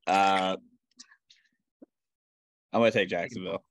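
Man, lowish voice, laid-back, dry wit, sports podcast co-host, close dry sound. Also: steady tone, a little slow, gravelly, fairly bright tone, dry recording. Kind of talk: casual sports chat.

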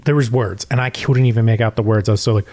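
Man, casual storyteller, rambling, animated retelling full of "like". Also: mid-range voice, quick pace, slight background noise. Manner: rambling, many "like" and "he's like" fillers; acts out quotes in animated retelling. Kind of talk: casual chat.

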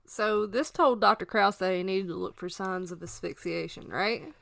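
A woman's voice: medium pitch, normal speed, gravelly, fairly bright tone. A woman co-hosting a true crime podcast, chiming in with short questions and reactions. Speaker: podcast co-host.

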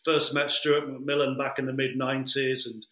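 A man's voice: mid-range voice, flat delivery, moderate pace, bright, forceful tone. A man from Britain who works as an athletics coach, giving a considered interview answer with many fillers. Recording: echoey room.

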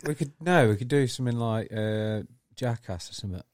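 A man's voice: mid-range voice, brisk, darkish tone, no echo. A man, co-hosting a podcast in dry, matter-of-fact banter. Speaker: podcast co-host. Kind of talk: casual banter.

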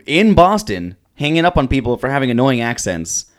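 A man co-hosting a comedy podcast. His mid-pitched voice swings widely in pitch as he plays with words and echoes his partner's jokes. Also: sing-song, a little fast. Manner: playful, wordplay, echoing his partner. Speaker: podcast co-host. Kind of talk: comedic banter.

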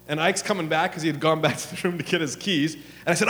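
A man preaching a sermon, telling a story with lively acted lines, then dropping into hushed prayer. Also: fairly high pitch, fast talker, hardly any pauses. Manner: animated storytelling, acts out his own and God's lines, drops to hushed prayer. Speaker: pastor. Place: church hall. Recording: long hall reverb with soft music.

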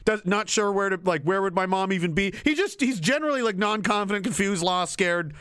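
A man's voice: high voice, lively intonation, brisk, a bit bright, clean tone. A man streaming live, rambling, giggling and swearing in a casual comedic rant.

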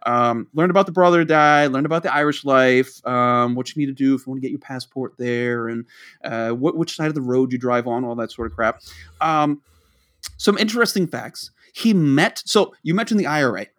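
A podcast co-host from the Boston area tells a long, rambling story in casual storytelling style, acting out the dialogue he quotes. His medium-pitched voice moves at a moderate pace with a fairly bright tone.

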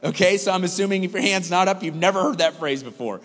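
A man preaching a sermon to a congregation, telling a personal story in an animated, conversational way and asking the listeners questions. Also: high voice, fast talker. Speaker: pastor. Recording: hall reverb.

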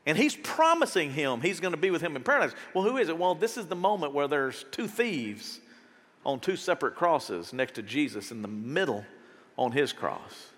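A man preaching from the stage with a high, bright voice that leaps up and down in pitch. He talks to the crowd like a friend, throws out quick rhetorical questions, and acts out short scenes. His voice rings with the long echo of a big hall. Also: big pitch swings. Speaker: pastor. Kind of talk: sermon. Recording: reverberant hall sound.

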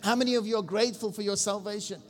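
A senior pastor preaching a sermon, exhorting the congregation and asking them questions. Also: male voice, high voice, fairly even intonation, very fast. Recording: long reverb with faint music.

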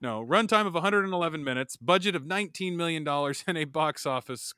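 A man's voice: on the high side, expressive, quick pace, sharp tone, clear, resonant tone. A man co-hosting a movie podcast, reading out film facts in casual chat and joking between them. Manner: jokey, laughs between facts. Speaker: podcast co-host.

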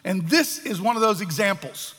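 A man preaching a sermon as pastor, animated and acting out the voices of the people in the story. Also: high-pitched, normal speed. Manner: animated, acts out voices of biblical figures. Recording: echoey hall.

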